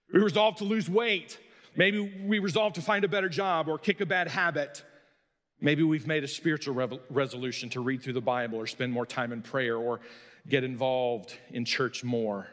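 A middle-aged pastor tells stories in a folksy, self-mocking sermon. His voice sits a little high for a man. It echoes through a large church hall with a long reverb. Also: a bit bright. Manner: storytelling, folksy and self-deprecating. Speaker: pastor and high school coach.

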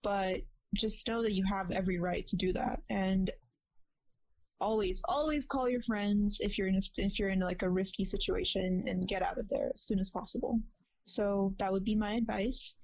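A woman's voice: mid-range voice, fairly even intonation, normal speed, a little mellow, dull audio. A woman co-hosting a casual podcast who gives advice and teaches phrases in an encouraging way. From grew up speaking Telugu. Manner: advising, encouraging. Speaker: podcast co-host.

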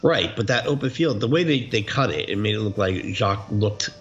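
A man's voice: on the low side, expressive, brisk. A man co-hosting a casual movie commentary podcast, talking through scenes in a laid-back way. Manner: laid-back, questioning, storytelling. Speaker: podcast co-host. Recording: dull lo-fi audio.

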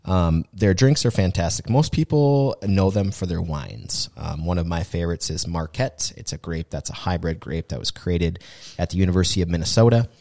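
Very deep-voiced podcast host, dry sound. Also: male voice, moderate pace, hardly any pauses, dark tone, dry recording. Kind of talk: casual chat.

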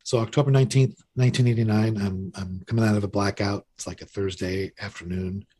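Talking a little fast with fairly even intonation, a fifties-aged man shares his recovery story as a podcast guest, candidly and self-mockingly, full of restarts. His lowish voice is warm, and a faint hiss or hum sits under the recording.

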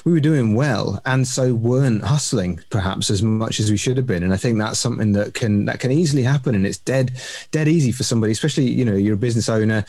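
A man's voice: mid-range voice, fast talker, darkish tone, no room sound. Thoughtful man talking in a dry room. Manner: reflective, ends points with tag questions. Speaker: podcast guest. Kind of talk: casual business podcast chat.

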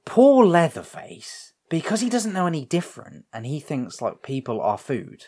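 A man's voice: a little high, wildly swooping pitch, normal speed, dark tone, husky. A man with a British accent casually recapping a film as podcast co-host, telling it animatedly and swearing freely. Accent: British English.

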